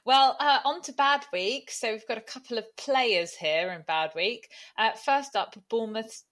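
A woman's voice: fairly high pitch, moderate pace, a bit bright. A woman co-hosting a casual football podcast, chatty and teasing, often laughing. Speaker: podcast co-host. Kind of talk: casual chat.

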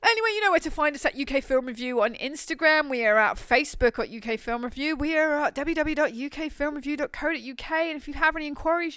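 A woman hosting a podcast in casual, animated, jokey chat. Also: sits high, dry recording. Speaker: podcast host.

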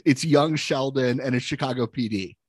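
A man's voice: medium pitch, normal speed, slightly rough, dry recording. A man co-hosting a casual film podcast, wry and opinionated, giving blunt takes. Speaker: podcast co-host.

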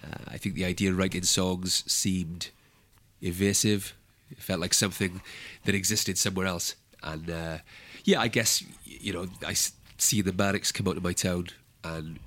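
A man's voice: sits low, fairly bright tone, dry recording. A Welsh man from South Wales, a musician guest, who talks in a laid-back, hesitant way. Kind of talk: casual interview.

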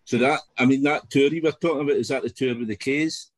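A man hosting a podcast and asking easy-going questions in a relaxed chat. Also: medium pitch, quick pace, no room sound. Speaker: podcast host. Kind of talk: casual interview chat.

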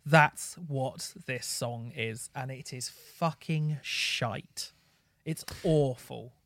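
A man's voice: mid-range voice, extremely slow, no echo. Guy ranting about music, sweary and mocking, dry close sound. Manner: blunt, sweary, mocking, bursts into excited rants. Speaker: podcast co-host. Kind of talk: casual music review chat.

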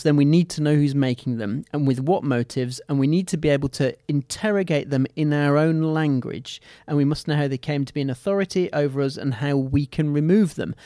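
A man discussing politics on a studio panel, measured and analytical, often saying "you know". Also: on the high side, dark tone, no echo. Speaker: political commentator.

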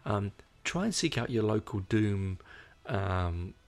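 A tired Australian man talks to his audience in a loose, rambling way, full of hesitant fillers and restarts. His fairly low voice has a gravelly fry running through it. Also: lively intonation, slow pace. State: tired, yawning. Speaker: podcast host. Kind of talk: casual chat to viewers.

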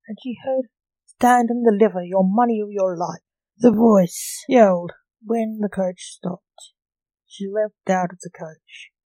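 Woman storyteller, slow steady reading, mellow, dry close recording. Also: mid-range voice, no echo, poor audio. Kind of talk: storybook read-aloud.

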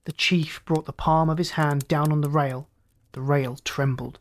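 A host narrating an old science fiction story as a calm, inviting storyteller, in a scripted audiobook reading. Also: mid-range voice, measured pace.

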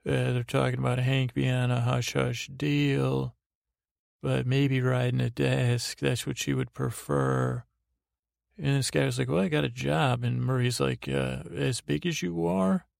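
A man with a mid-range voice and some vocal fry hosts a bedtime podcast, speaking a little slowly in a level tone. He meanders through a recap of a TV episode, restarting often and quoting lines in his own voice. The studio-quality recording has no room sound.

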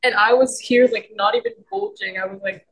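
A woman co-hosting a podcast, telling a story in a casual, excitable way with lots of giggles. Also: medium pitch, a little fast, poor audio. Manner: giggly and excitable, many fillers. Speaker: podcast co-host.

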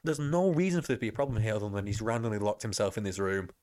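A man's voice: fairly low pitch, rapid-fire, a little mellow, dry recording. A man co-hosts a casual podcast, tearing into a superhero film with swearing and mocking voices in the quotes. He has had a few drinks and has the hiccups. The sound is dry and close, with no room around it. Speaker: podcast co-host. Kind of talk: casual film commentary chat.

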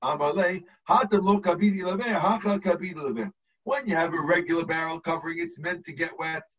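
A man's voice: on the high side, brisk, fairly bright tone, slightly rough, far from the mic, lo-fi sound. A man, a rabbi, teaching a text to his students over a video call, explaining step by step and checking in with the class.

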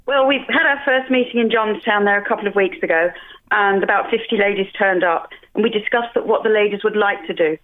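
Casting: chatty Englishwoman, quick talker, heard over a tinny phone line. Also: medium pitch, a little hiss or hum. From England. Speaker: radio guest on the phone. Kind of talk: phone-in interview. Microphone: telephone.

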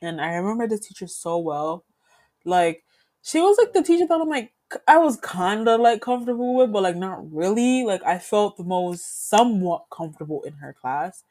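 The clip features a young female podcast co-host narrating a school anecdote in a loose, lively way, laughing as she voices the people involved. Her pitch is mid-range and her speed normal.

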